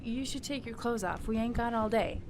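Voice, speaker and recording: A woman's voice: a little high, moderate pace, close to an everyday voice. A woman with a French accent voicing a guarded, hard-edged young woman in a video game, blunt and curt. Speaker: game character. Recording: clear background hiss.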